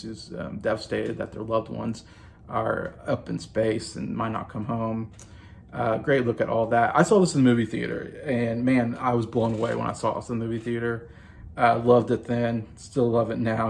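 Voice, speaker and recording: Gravelly-voiced enthusiastic man reviewing movies. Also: medium pitch, darkish tone. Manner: gushing, enthusiastic. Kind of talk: casual movie review monologue.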